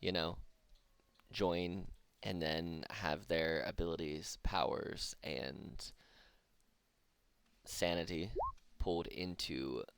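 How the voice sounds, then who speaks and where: A man narrating as the game master of a tabletop game, unhurried and hesitant, with many pauses and fillers. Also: low voice, steady tone, gravelly, a bit bright, smooth.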